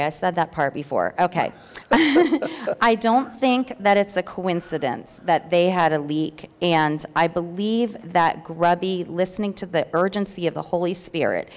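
Earnest woman reading aloud in reverberant hall. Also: fairly low pitch. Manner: earnest, heartfelt, with hesitant fillers. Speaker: church member sharing a testimony. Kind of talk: reading a personal testimony aloud.

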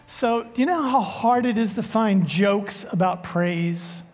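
A man preaching a sermon as pastor, telling a joke in a relaxed, unhurried way before the scripture reading. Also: high-pitched, faint music behind. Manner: unhurried, joking storyteller. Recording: long church reverb.

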